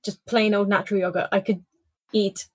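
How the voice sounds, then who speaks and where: A woman's voice: mid-range voice, level tone, a little fast, a little mellow, husky, no echo. A woman chatting casually on a podcast, enthusiastic and stumbling over her words. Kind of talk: casual chat.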